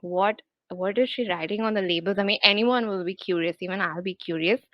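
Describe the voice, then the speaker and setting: A woman's voice: mid-range voice, dry recording. A woman narrating a story casually and chattily, on a dull lo-fi recording. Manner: chatty, full of fillers like "like".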